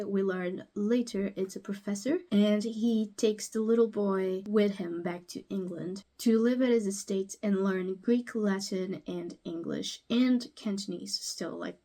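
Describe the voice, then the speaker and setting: A woman's voice: medium pitch, mellow. A woman from Portugal chatting casually about her reading in a book vlog, self-deprecating and laughing between points. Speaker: book vlogger.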